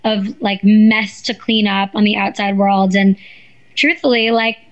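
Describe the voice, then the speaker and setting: A woman guest telling a story in a casual interview, animated and swearing, acting out what people said. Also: medium pitch, a little slow, muffled recording. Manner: animated, swearing, acts out quotes. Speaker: guest, former reality show contestant.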